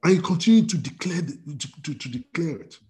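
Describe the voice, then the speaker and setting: A man's voice: fairly high pitch, animated, brisk, mellow. Emphatic man preaching a sermon. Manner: emphatic, repetitive, many restarts and fillers. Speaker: pastor.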